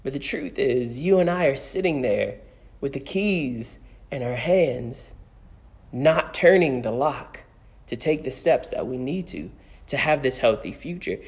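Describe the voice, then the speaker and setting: Conversational pastor repeating key phrases. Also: male voice, mid-range voice, expressive, a little slow, a little mellow. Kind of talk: sermon.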